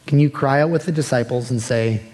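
A pastor preaching a sermon in a relaxed, conversational way that turns soft and earnest. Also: male voice, mid-range voice, fairly quick. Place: church sanctuary. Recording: long hall reverb.

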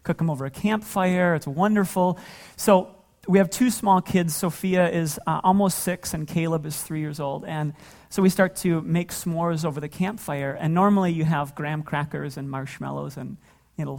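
Relaxed pastor telling family stories. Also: male voice, on the high side. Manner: relaxed storytelling with frequent laughter. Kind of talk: sermon.

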